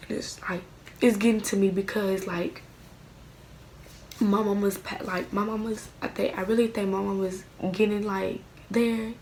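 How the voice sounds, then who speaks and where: A woman's voice: medium pitch, little pitch movement, normal speed, a little mellow, slight background noise. A woman talking in a rambling, heartfelt personal vlog at home at night, often near tears. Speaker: vlogger.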